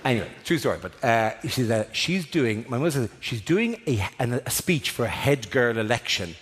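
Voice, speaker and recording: A middle-aged Irish man doing a stand-up comedy routine in a large theatre, with rapid, animated rants. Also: medium pitch. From Ireland. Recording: live theatre with audience laughter.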